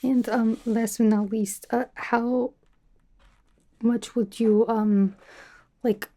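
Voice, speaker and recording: Girl doing a cocky spy lady, whispered role-play, softish and a bit high, rambling and teasing. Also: fairly even intonation, slow pace. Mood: playful teasing. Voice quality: soft, half-whispered, rambling. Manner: teasing, chatty, self-absorbed, drops articles. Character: brash, teasing female spy interviewing a recruit. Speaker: ASMR creator.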